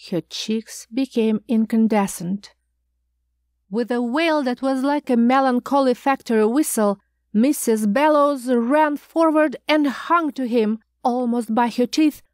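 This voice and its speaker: A woman reading a science fiction short story aloud in a measured, expressive storytelling manner. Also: on the high side, no echo. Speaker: audiobook reader. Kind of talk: scripted narration.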